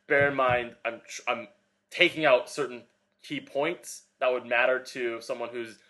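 A man's voice: medium pitch, steady tone, unhurried, pushed and bright. A young man co-hosting a fitness podcast in casual chat, rambling with lots of fillers as he explains. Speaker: podcast co-host, personal trainer.

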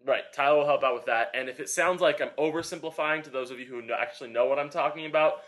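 A man's voice: a little high, quick pace, fairly bright tone. A young man co-hosting a fitness podcast in casual chat, rambling with lots of fillers as he explains. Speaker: podcast co-host, personal trainer.

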